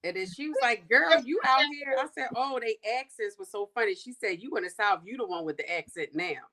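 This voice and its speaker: A woman's voice: mid-range voice, lively intonation, fairly quick, a bit bright. Chatty woman telling a story. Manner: chatty storyteller with folksy phrasing. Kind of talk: casual chat.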